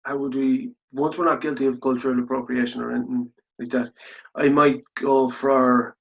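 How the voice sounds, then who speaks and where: A man's voice: mid-range voice, level tone, moderate pace, vocal fry. An Irish man with a Kildare accent, co-hosting a podcast in a chatty, rambling way with frequent restarts. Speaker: podcast co-host. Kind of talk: casual podcast chat and interviewing. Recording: dull lo-fi podcast audio.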